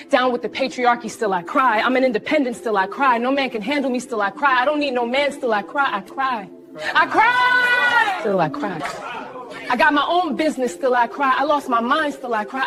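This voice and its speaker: A bitter, sobbing single woman chants her complaints over and over in a comedy skit, played by a woman. Her voice sits high and keeps returning to the same crying refrain. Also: lively intonation, moderate pace, a bit bright, a faint crowd. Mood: self-pitying.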